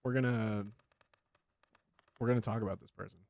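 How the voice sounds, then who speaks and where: A man hosting a comedy podcast, chatting casually and riffing on jokes with quick tangents. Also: on the low side, fairly even intonation, vocal fry, darkish tone, dry recording. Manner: rambling, joking, quick tangents. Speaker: podcast host.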